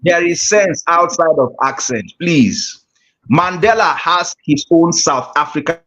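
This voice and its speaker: A man's voice: a little high, measured pace, fairly bright tone. A man, a guest speaker teaching an online class, talking emphatically and repeating his key phrases. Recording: dull lo-fi call audio.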